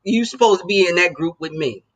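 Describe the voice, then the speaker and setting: A man hosting a livestream and chatting casually with his viewers, loose and joking. His voice is slightly high, bright and husky, with a gravelly edge. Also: lively intonation, brisk. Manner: loose and joking, talks straight to the chat. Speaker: livestream host. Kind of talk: casual chat with live viewers.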